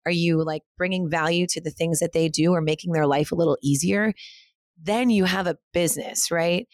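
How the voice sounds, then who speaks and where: A woman's voice: lowish voice, no room sound. A woman who co-founded a cycling studio, speaking frankly in a casual interview, swearing freely and saying "like" a lot. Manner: frank, profane, heavy with filler words. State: mother of two.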